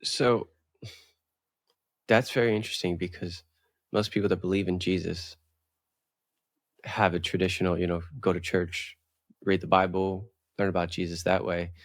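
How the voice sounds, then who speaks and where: A man hosting an interview, asking measured follow-up questions. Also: deep voice, flat delivery, no room sound, studio quality.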